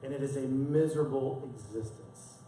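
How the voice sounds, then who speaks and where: A male pastor's sermon in a church sanctuary features a personal story told with earnest emotion, his words often repeated. His mid-range voice is dark-toned at a moderate pace, and the echoey, distant recording carries a little hiss or hum.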